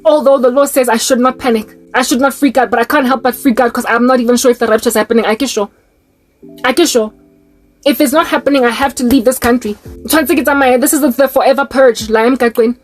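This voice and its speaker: A woman's voice: sits high, fairly even intonation, quick pace, soft background music. A young South African woman with a South African accent, preaching fervently in a personal monologue, firing rhetorical questions and mixing in local-language phrases. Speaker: Christian online preacher.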